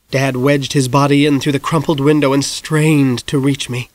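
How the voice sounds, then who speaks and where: Grave, measured male audiobook narrator. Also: medium pitch, level tone, no echo. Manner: measured, grave storytelling, dropping soft at dark moments. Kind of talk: scripted narration of a novel.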